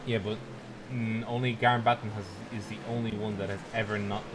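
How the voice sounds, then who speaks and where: A man's voice: lowish voice, flat delivery, fairly quick, background noise. A man, not an English speaker, co-commentating a sim race in a laid-back, hesitant, joking way. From Ireland.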